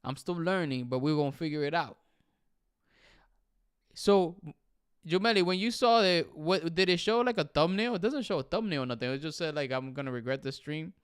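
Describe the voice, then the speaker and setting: A young man hosts a casual livestream, chatting with viewers and reading their comments aloud. He switches easily between English and Spanish in an animated way. His voice sits a little high, smooth and clear, recorded dry and close. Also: moderate pace, no echo. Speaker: livestream host.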